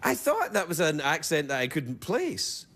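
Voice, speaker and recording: A man's voice: a little high, huge pitch swings, moderate pace, fairly bright tone. A man hosting a late-night talk show, joking and teasing his guest in rambling banter. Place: TV studio with live audience. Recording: studio audience and noise behind.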